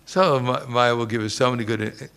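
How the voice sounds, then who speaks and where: A man's voice: medium pitch, steady tone, fairly quick, fairly bright tone, clean tone. A man giving a religious lecture as a swami, telling humorous stories and chuckling often.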